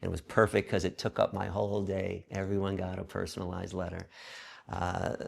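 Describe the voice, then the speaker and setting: A man in his fifties, an interview guest who tells stories in an animated, profane way and acts out the quotes. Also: sits low, a little fast, vocal fry. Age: 50s. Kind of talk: storytelling in a conversational interview.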